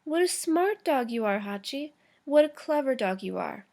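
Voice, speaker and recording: A woman voicing a kind, gentle older male professor who talks fondly and patiently to his puppy. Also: sits high, very animated, normal speed, vocal fry, exaggerated voice. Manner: patient, fond commands to a puppy.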